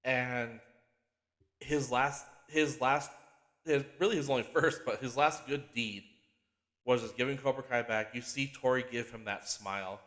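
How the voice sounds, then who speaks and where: A man hosting a podcast, recapping a TV series in an excitable, profane, animated way and often restarting his sentences. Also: medium pitch, measured pace. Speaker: podcast host.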